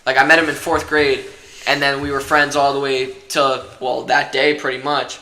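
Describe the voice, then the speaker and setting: A man's voice: medium pitch, little pitch movement, normal speed, pushed and bright, roomy sound. A young man in casual podcast chat, rambling and swearing a lot with constant fillers.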